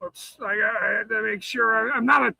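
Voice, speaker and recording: A man's voice: sits high, a little fast, vocal fry, pushed and bright, breathy edge, dry recording, rough recording. A man hosting a casual livestream, swearing and greeting viewers in chat between bursts of laughter. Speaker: livestream host.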